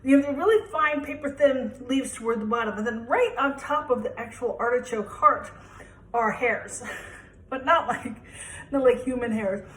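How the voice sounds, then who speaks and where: Young woman, home cook vlogger, fairly high voice, chatty and rambling, self-deprecating, recorded in an echoey kitchen. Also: animated, normal speed, fairly bright tone. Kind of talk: casual cooking demonstration.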